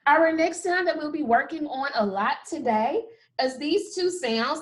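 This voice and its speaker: Slow upbeat kindergarten teacher woman. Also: high voice, lively intonation. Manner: slow, exaggerated sound-by-sound modeling with upbeat praise. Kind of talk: recorded remote phonics lesson.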